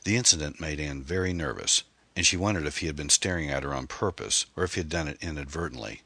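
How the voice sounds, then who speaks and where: A man reading a mystery novel aloud as audiobook narrator, measured and steady, on a close mic. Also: a bass voice, husky, no echo.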